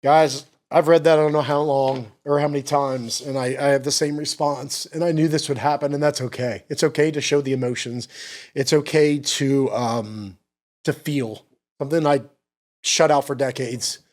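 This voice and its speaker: A man's voice: medium pitch, steady tone, normal speed, darkish tone. A middle-aged man, tearful and choked up, giving an earnest faith testimony on his podcast and repeating himself as he speaks. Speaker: podcast host.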